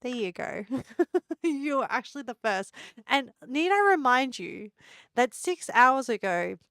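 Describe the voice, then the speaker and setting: Woman streamer, giggly teaser, slightly high voice, dry close sound. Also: very animated, takes it slowly, fairly bright tone, clear, resonant tone, no echo. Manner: giggly, playful teasing of chat. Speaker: live streamer. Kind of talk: casual live-stream chat.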